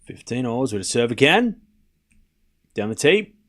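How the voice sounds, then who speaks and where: A man's voice: mid-range voice, sing-song, measured pace, fairly bright tone. A man livestreaming casual tennis play-by-play, calling scores and bantering animatedly with his chat.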